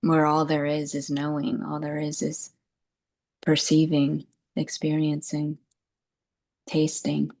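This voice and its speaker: A woman speaks as a spiritual teacher in a meditative talk, her voice low and her delivery slow. She meanders gently, leaning on "you know" and "like" and breaking into soft laughs. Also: completely flat delivery.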